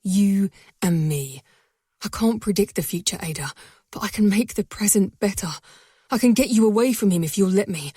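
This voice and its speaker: A woman voicing a dangerous but tender young mafia man in an audiobook, speaking low and intense, often in a whisper. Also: moderate pace, dark tone, slightly rough, dry recording, studio quality, close to an everyday voice. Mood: fervent.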